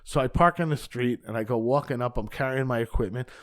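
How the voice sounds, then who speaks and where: Male stand-up comic, podcast guest, animated storyteller, average pitch, loose and profane. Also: fast talker. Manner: animated, acts out dialogue, casual swearing.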